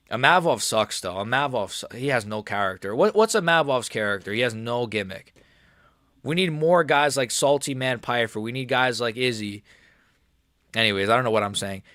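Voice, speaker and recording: A young man chatting casually during a live stream, excitable and rambling, and he keeps repeating how nervous he is. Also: mid-range voice, normal speed, no room sound, clean studio sound. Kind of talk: live watch-along chat.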